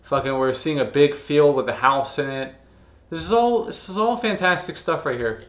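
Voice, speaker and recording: A man's voice: on the high side, normal speed, roomy sound, music in the background. A man in his thirties or older giving casual reaction commentary as a video reviewer. He is profane and gushing, and rambles with restarts. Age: 30s or older.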